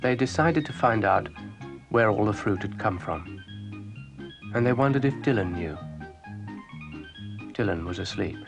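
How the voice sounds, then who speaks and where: A male storyteller reading a children's tale slowly, with a lively rise and fall in his voice. The recording is dry and close, with faint music underneath. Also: fairly low pitch, gravelly. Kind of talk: storybook narration.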